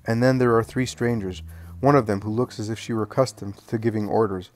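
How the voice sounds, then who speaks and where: A man reading a religious story aloud as narrator, in an even, solemn way. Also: fairly low pitch, fairly quick. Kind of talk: scripted narration.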